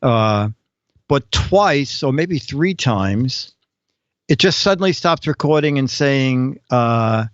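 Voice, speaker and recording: A man's voice: mid-range voice, animated, takes it slowly, no room sound. A man hosting a live-streamed show, chatting casually and rambling, with frequent laughs. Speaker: show host. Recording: dull lo-fi stream audio with faint music.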